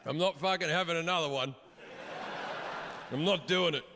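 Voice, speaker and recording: Brash, profane middle-aged comedian. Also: male voice, a little high, unhurried, gravelly. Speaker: stand-up comedian. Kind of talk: stand-up comedy set. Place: comedy stage before a live audience. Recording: live hall reverb, audience noise.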